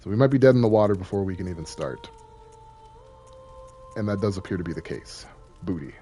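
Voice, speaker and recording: A young man with a fairly low voice chats through a game stream, rambling from thought to thought. He jokes easily and keeps poking fun at himself. The talk is loose and casual. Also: animated, fairly quick, warm tone, breathy edge, soft background music. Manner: joking, rambling, self-deprecating. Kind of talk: casual live-stream commentary.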